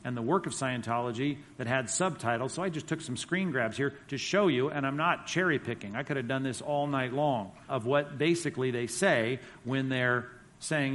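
Guy teaching a bible class, chatty and emphatic, big hall echo, middle pitch. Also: normal speed, a bit bright. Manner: conversational, emphatic, reads quotes aloud. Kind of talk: church teaching class with slides. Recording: long reverb of a hall.

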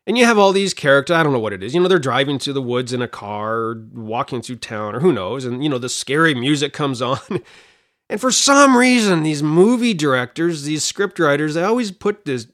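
A middle-aged man hosting a Bible study podcast, talking in an animated, chatty way that wanders off on side points. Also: a little high, brisk. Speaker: podcast host and Bible teacher.

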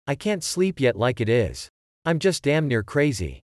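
A man reading out the words of a frightened, shaken young man, in a low subdued tone. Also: sing-song, a little slow, no echo, clean studio sound.

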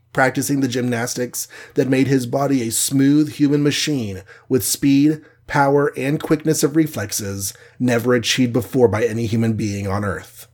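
A man narrating a superhero adventure aloud in a dramatic storytelling manner. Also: medium pitch. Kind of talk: audiobook narration.

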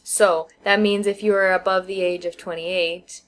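A woman co-hosting a casual podcast chat, explaining her views at length with thoughtful pauses and fillers. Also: fairly low pitch, little pitch movement. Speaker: podcast co-host. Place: living in China.

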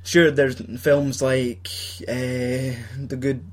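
A man's voice: medium pitch, flat delivery, drawn-out words. A young Scottish man chatting casually about films, swearing and laughing often as he acts out scenes. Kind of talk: casual film chat.

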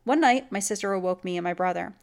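A woman narrating a classic folk tale aloud in a measured, even storytelling manner. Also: mid-range voice. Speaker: story reader.

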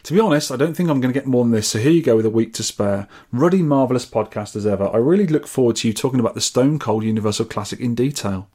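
A man's voice: medium pitch, quick pace, hardly any pauses, warm tone. A man from England co-hosting a podcast, reading out listener scores and comments with wry asides in casual chat. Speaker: podcast co-host.

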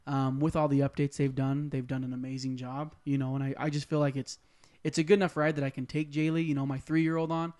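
A man's voice: medium pitch, flat delivery, quick pace, a little mellow. A young man co-hosting a casual live chat, talking enthusiastically with lots of fillers. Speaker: podcast co-host.

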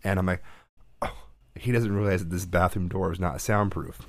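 Chatting casually on the podcast he co-hosts, a father in his thirties with a deep voice recounts a family story at a moderate pace. He's an animated storyteller who performs the quotes himself.

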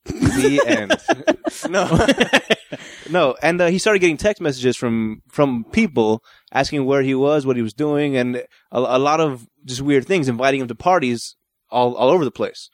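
A man co-hosting a casual podcast chat, relaxed and quick to laugh as he recounts a news story. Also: mid-range voice, no room sound, clean studio sound. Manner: laid-back, laughs easily, reads out a news story. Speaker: podcast co-host.

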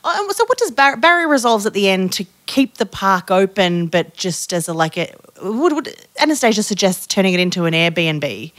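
A woman co-hosting a podcast, asking the others questions in a lively, wry way. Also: mid-range voice, normal speed, few pauses, no room sound. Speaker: podcast co-host, interviewer. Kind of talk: casual chat.

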